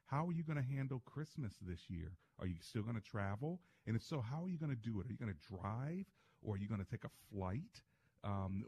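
A man's voice: mid-range voice, mellow, slight background noise. A man hosting a call-in radio talk show as a pastor, upbeat and playful, asking listeners many questions.

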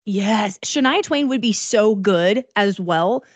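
A woman co-hosting a pop culture podcast, excitable and colloquial, laughing often. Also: medium pitch, slow pace, dry recording. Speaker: podcast co-host. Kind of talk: casual chat.

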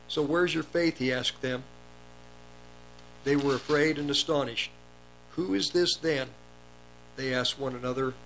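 A man's voice: medium pitch, a bit bright, a little hiss or hum, low-quality recording. A man preaching a sermon, reading scripture aloud and explaining it, lifting his voice on the quoted commands. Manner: reads verses then comments, raises voice on commands.

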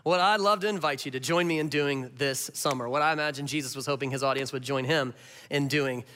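Pastor, male, sermon. Bright, lively delivery, long hall reverb. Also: medium pitch, a little fast. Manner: animated storytelling, rising to impassioned then dropping soft.

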